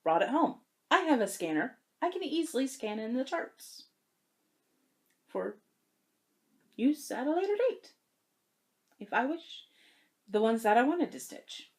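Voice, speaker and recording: A young woman vlogging about cross-stitch, telling a story in a chatty, animated way and getting emotional. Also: a little high, a little slow, pauses often. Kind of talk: casual chat to camera.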